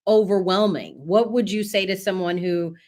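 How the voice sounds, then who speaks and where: A woman's voice: mid-range voice, moderate pace, a little mellow. A woman interviewing a guest, asking questions and voicing an imagined listener's doubts. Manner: inquisitive, posing questions on a guest's behalf.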